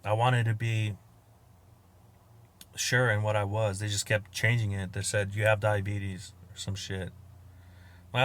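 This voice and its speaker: A man hosting a podcast, riffing in a crude, profane monologue, laughing at his own jokes and acting out quotes with loud outbursts. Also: on the low side. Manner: acts out quoted exchanges with sudden loud outbursts. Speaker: podcast host. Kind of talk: casual comedic monologue.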